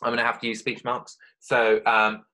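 A man's voice: mid-range voice, monotone, normal speed, pushed and bright. A man, a primary school teacher talking children through an online literacy lesson step by step in a friendly, explanatory way.

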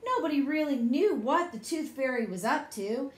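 A woman reading a bedtime story aloud in a lively, expressive way. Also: high-pitched, normal speed. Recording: echoey room.

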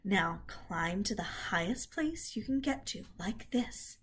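A woman's voice: mid-range voice, measured pace, slightly rough. Woman voicing a wise patient spider. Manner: calm, explaining and coaching.

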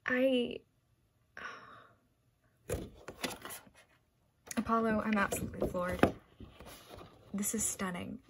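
A woman's voice: mid-range voice, drawn-out words, long pauses, very noisy. A young woman vlogger gushing over art prints she is unboxing, with gasps, squeals and sudden whispers. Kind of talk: excited unboxing commentary.

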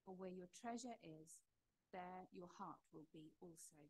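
Woman, scripture reader, measured careful delivery, a bit husky. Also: lowish voice, darkish tone, low-quality recording. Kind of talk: reading scripture aloud.

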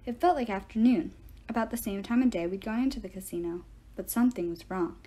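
A woman reading a novel aloud in the first person with expressive storytelling. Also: medium pitch, fast talker, poor audio. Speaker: reader of audiobook chapters.

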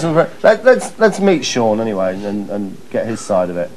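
A man's voice: fairly low pitch, wildly swooping pitch, normal speed, crowd noise, background noise. A man hosting a comedy show, introducing clips with mock-dramatic asides and frequent laughter. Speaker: host presenting clips. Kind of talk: comic presenting.

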